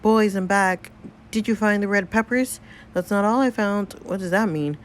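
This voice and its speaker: A woman voicing a warm, doting middle-aged mother in a story game, gushing and motherly. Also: mid-range voice, normal speed, slight background noise, voice pushed up, lightly acted.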